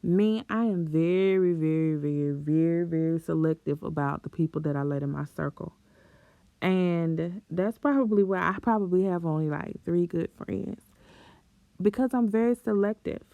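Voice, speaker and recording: Speaking at a normal pace in a low-leaning, dark voice with vocal fry, a young woman vlogger offers chatty self-esteem advice to camera. She's encouraging and keeps breaking into laughter and playful exclamations. The audio is dull, with no room sound.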